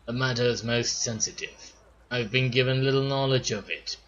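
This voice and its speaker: A man voicing a formal, measured male messenger for a wizard order in a fantasy game. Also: medium pitch, fairly bright tone, lo-fi sound, slight background noise, natural voice.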